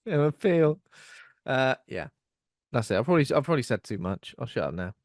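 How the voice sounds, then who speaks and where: A man's voice: mid-range voice, very animated, brisk, no echo, clean studio sound. A man co-hosting a podcast in casual chat, rambling and self-mocking, laughing often. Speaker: podcast co-host.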